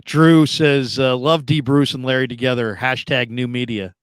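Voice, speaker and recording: A man in his fifties, a sports radio host, chatting casually and telling stories, acting out other people's voices with big jumps in pitch. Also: fairly even intonation, moderate pace, smooth, no room sound. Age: 50s. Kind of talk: casual sports talk chat.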